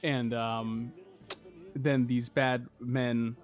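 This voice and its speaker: A man's voice: medium pitch, extremely slow, faint music behind. Rambling young man recapping a film. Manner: rambling and animated, with frequent fillers and laughter. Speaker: podcast host. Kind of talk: casual movie recap.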